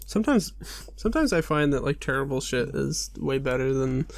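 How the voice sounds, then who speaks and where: A man's voice: mid-range voice, expressive, brisk, creaky, slight background noise. A young man co-hosting a podcast, talking in an easygoing, amused way, full of "like" fillers. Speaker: podcast co-host. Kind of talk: casual chat.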